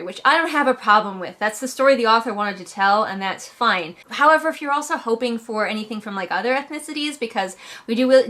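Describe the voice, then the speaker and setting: A woman casually reviews a book she has read, speaking in an animated way and jumping up in pitch for emphasis.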